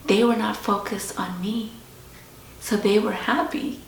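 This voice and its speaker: A woman host sharing a personal story in a slow, reflective, confessional way. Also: medium pitch, fairly even intonation, gravelly. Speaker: podcast host. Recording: roomy echo with faint background hiss.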